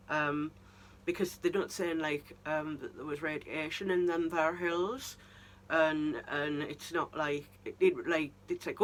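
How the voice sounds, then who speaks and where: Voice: medium pitch, steady tone, unhurried, fairly bright tone, a little hiss or hum. Incredulous ranting TV-review vlogger. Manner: incredulous, ranting, many restarts. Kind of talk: casual review monologue.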